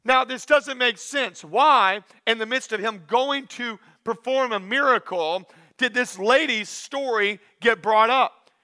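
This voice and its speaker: Bright-voiced, high-pitched male pastor preaching. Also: a little slow. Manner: animated preaching with acted-out asides and humor. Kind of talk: sermon.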